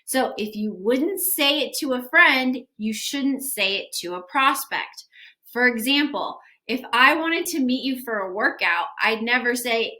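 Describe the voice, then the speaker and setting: A woman's voice: fairly high pitch, lively intonation, measured pace, pushed and bright. A young adult woman giving a casual, upbeat lesson on sales follow-up, acting out sample text messages as she goes. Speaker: sales coach for gym owners. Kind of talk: instructional video talk.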